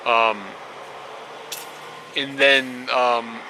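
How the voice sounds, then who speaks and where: A man's voice: mid-range voice, level tone, very slow, bright, forceful tone, slight background noise, poor audio. A young man talking casually to camera in a small guest house bedroom, rambling and bemused, laughing often and swearing now and then. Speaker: travel vlogger. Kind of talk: casual vlog talk to camera.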